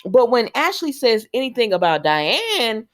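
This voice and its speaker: A woman's voice: a little high, big pitch swings, a little slow. A woman in a casual, chatty recap who talks straight to her viewers. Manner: chatty, conversational, acts out characters' lines while retelling. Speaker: soap opera recap host.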